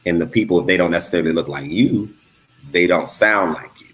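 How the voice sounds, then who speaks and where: A man's voice: low voice, a little fast, fairly bright tone. A man from Los Angeles on a podcast, asking questions hesitantly, with fillers and restarts. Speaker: podcast co-host. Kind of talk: casual discussion.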